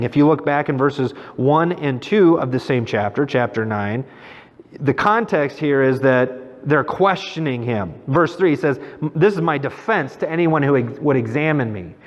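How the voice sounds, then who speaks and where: A middle-aged male pastor preaching in a relaxed, conversational way, with a slightly higher voice. His voice carries a long church reverb and sounds dull and muffled. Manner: conversational preaching with personal stories. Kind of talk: sermon. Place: church sanctuary.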